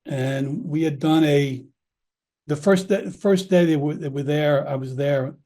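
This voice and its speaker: A former police officer from Long Island, New York, swaps stories from his career in easygoing conversation. His voice sits on the high side, warm and measured in pace. He speaks candidly and rambles, often restarting sentences and acting out the dialogue he quotes.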